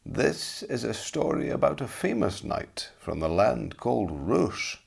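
A man voicing a kindly older male teacher telling a story, with a gentle manner. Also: lowish voice, very animated, a little slow, gravelly, breathy edge, full character voice.

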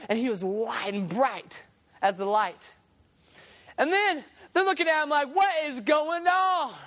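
A woman preacher tells her sermon as a lively story, slipping into characters and humorous asides. Her voice sits a little high for a woman. The delivery is conversational and playful.

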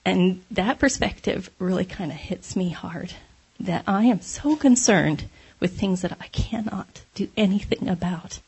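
A woman's voice: medium pitch, measured pace, few pauses, a little mellow, slightly rough. A woman giving a conversational devotional talk, candid and self-deprecating, laughing often as she speaks.

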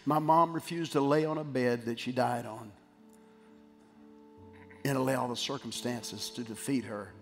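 A man's voice: medium pitch, steady tone, measured pace, long pauses. Emphatic middle-aged man preaching in hall. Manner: emphatic preaching, swinging from loud to quiet. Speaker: pastor. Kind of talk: sermon. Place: church sanctuary. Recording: long hall reverb with faint music.

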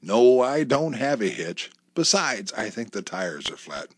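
Dude doing an eager scheming husband, bouncy upbeat talk, dry close sound. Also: male voice, medium pitch, big pitch swings, measured pace, dry recording.

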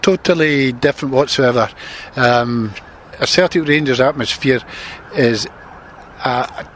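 Measured older man. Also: mid-range voice, a bit bright, slight background noise. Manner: measured, hesitant, with many fillers. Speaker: former footballer. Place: outdoors by a stadium.

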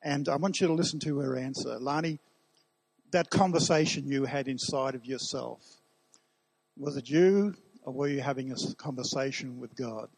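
A man's voice: mid-range voice, normal speed, gravelly, a little mellow, slightly rough, dry recording, poor audio. A man preaching as a pastor at a church service, emphatic, putting questions to the congregation. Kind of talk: sermon.

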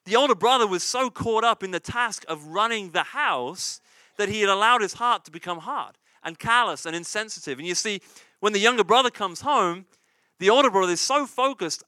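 A man preaches as pastor in a high-pitched, pushed, bright voice with no room sound. Conversational in style, he keeps asking "right?", says "you see," and repeats central lines for emphasis.

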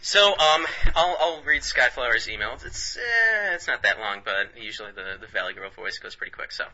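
A man's voice: mid-range voice, very animated, normal speed, sharp tone, muffled recording. A man co-hosting a comedy podcast, rambling in casual banter with frequent laughs and restarts. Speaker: podcast co-host.

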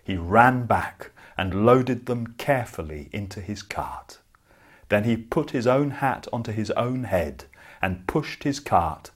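A man telling a folk tale to children, slow and dramatic, swinging between loud and hushed. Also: slightly rough. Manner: slow, dramatic, with big swings of pitch and volume. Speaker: storyteller. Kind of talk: storytelling for children.

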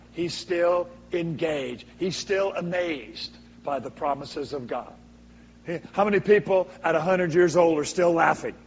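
A man preaching a sermon as a guest speaker, swinging from booming to hushed for dramatic effect. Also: a little hiss or hum. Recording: echoey hall, dull lo-fi sound.

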